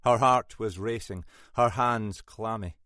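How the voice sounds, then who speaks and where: Unhurried male audiobook narrator. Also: on the low side, fairly bright tone, dry recording, clean studio sound. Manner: measured, unhurried storytelling.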